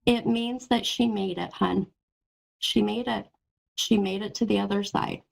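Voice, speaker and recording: A woman with a heavily gravelly, fry-laden voice, hosting a call-in psychic reading. She talks gently and reassuringly, calling the caller hun and sweetheart, with a middle-pitched voice. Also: steady tone, measured pace, rough recording. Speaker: psychic medium host.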